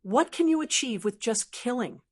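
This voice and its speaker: A woman's voice: a little high, expressive, normal speed, slightly rough. A woman voicing a composed young noblewoman who speaks lightly and coolly. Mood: scolding. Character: young noblewoman, calm, sharp-tongued clan leader.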